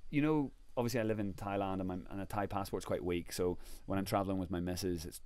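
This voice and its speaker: A man's voice: deep voice, quick pace, smooth. Irish man telling a travel story. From Ireland. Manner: lively anecdotal telling, slips into voices of the people in his story. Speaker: guest, traveler. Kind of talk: casual interview storytelling.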